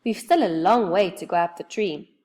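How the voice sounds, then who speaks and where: A woman's voice: lowish voice, normal speed, a little mellow, close to an everyday voice. A woman doing a sensible young girl. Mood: gentle.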